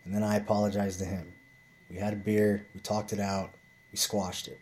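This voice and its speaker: A man's voice: lowish voice, level tone, moderate pace, darkish tone. A man telling a rambling bar story in a blunt, profane, casual way, with frequent restarts.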